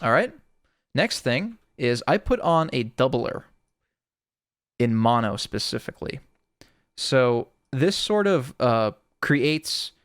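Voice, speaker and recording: With a smooth, medium-pitched voice, a music producer casually talks through sound design, using plenty of "sort of." The recording is dry and close-miked in a studio.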